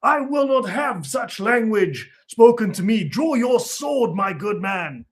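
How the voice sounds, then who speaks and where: A man's voice: high voice, sing-song, takes it slowly, voice pushed up, heavily acted. A man playing a bombastic stage swashbuckler. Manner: theatrical, old-fashioned bombast. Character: pompous swashbuckling male stage hero.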